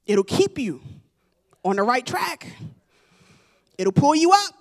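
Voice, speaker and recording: Woman pastor, high-pitched, preaching a sermon and building to shouts. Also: big pitch swings, slow. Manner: preaching with call-and-response, rising to shouts.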